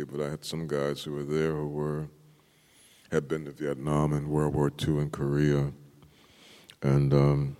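Brief: older male poet, very low and mellow, animated storyteller, long hall reverb. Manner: animated storyteller, acts out quotes with laughter. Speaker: poet, interview guest. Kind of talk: storytelling in an interview.

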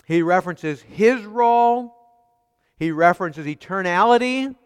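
A man's voice: high voice, expressive, unhurried, clean tone, long reverb tail, faint music behind. A man preaching a sermon as pastor, emphatic, with rhetorical questions and repeated phrases.

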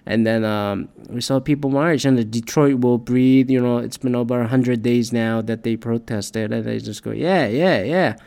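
A man's voice: medium pitch, little pitch movement, moderate pace, gravelly, hardly any pauses, warm tone, smooth. A man ranting in a casual, profane, rambling monologue, full of restarts and swearing. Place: Detroit area.

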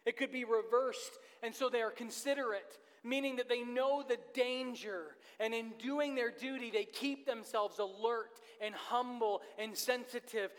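High-voiced man preaching in a reverberant church. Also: a bit bright. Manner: earnest, repeats key phrases for emphasis. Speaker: pastor. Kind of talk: sermon. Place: church sanctuary.

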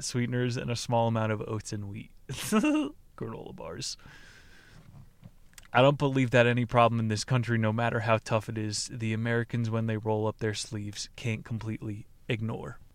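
A man hosts a podcast, reading book passages aloud in a deadpan voice of ordinary pitch. Between passages he drops into casual, profane commentary and laughs at the material. The recording is dry and close, with no room sound. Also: clear, resonant tone, dry recording. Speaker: podcast host.

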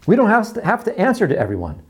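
A man preaching a sermon, repeating his phrases and acting out quoted voices, dropping to quiet lows. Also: huge pitch swings, fast talker, breathy edge. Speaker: pastor.

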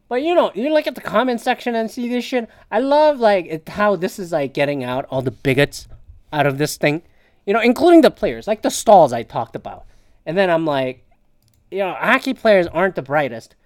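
A man's voice: a little high, no room sound, studio quality. A man hosting a solo podcast, ranting in casual chat with a profane, sarcastic manner. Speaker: podcast host.

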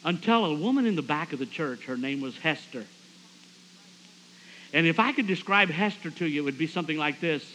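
Male preacher, high-pitched, very bright voice, lively storyteller, faint tape hiss. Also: a little fast, low-quality recording. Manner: animated, acts out quoted voices. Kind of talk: storytelling sermon.

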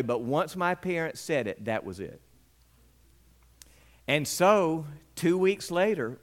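Animated male preacher. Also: on the high side. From Mississippi, US. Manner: animated storyteller who acts out scenes with sound effects. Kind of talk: sermon with personal storytelling.

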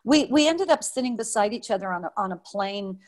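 An older woman from Nevada recalls her years as a dancer in an interview, in a mid-pitched voice. She tells her stories with energy, acting out other people's lines. She often restarts mid-sentence. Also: a little fast. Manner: lively storyteller, acts out quotes, frequent restarts and laughs. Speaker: interviewee, former showgirl dancer. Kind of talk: reminiscing in a recorded interview.

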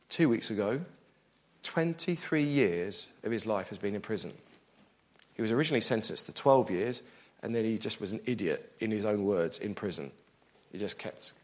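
A middle-aged man preaching a sermon, animated and self-deprecating, moving from loud bursts to hushed, quiet passages. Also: mid-range voice.

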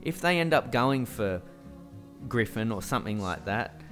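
An Australian man rants through a casual podcast chat, swearing freely as he talks. His voice sits at an ordinary pitch, with faint music behind. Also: moderate pace. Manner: swearing, ranting, animated. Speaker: podcast co-host.

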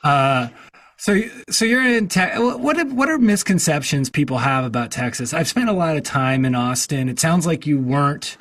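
A man's voice: on the high side, lively intonation, moderate pace, fairly bright tone, low-quality recording. A man hosting a casual chat, rambling along with many fillers and restarts.

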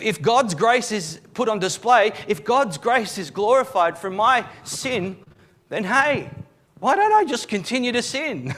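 A man's voice: high-pitched, fairly bright tone. A man preaching a live church sermon as pastor, reading scripture aloud and explaining it, sometimes repeating words as he starts a sentence. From Australia.

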